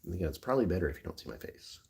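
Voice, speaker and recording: Low-voiced man chatting on a livestream. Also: sing-song, very fast, vocal fry, a little mellow. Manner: rambling, joking, laughs often. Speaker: livestream host. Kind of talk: casual livestream chat. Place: indoors on a rainy afternoon. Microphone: phone.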